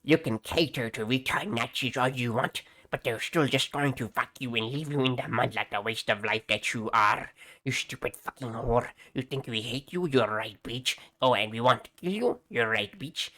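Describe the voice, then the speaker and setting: A man's voice: mid-range voice, normal speed, bright, forceful tone, natural voice. A man voicing a vicious, hateful male online troll who hurls crude insults in a snarling manner. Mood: hostile.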